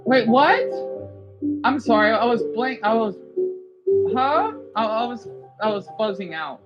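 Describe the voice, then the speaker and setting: A tired woman from the United States, casually chatting with her viewers and explaining things slowly as she watches a video with them. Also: a little high, expressive, dull audio, over loud music. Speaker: livestream host.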